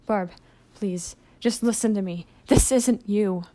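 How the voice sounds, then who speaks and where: A woman's voice: mid-range voice, slow, warm tone, no echo, natural voice. A woman voicing a desperate, pleading male imp boss in a fan audio drama.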